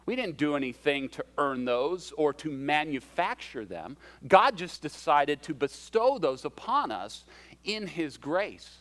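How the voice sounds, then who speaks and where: A man's voice: fairly high pitch, very animated, a little slow, fairly bright tone. A man preaching a sermon as a pastor, in a conversational way with self-deprecating humor and shifting emphasis.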